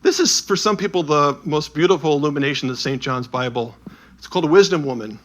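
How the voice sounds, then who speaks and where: In a storytelling talk with slides, a man presents pictures from an illuminated Bible and recounts the stories behind them. His voice is on the high side and he speaks fast.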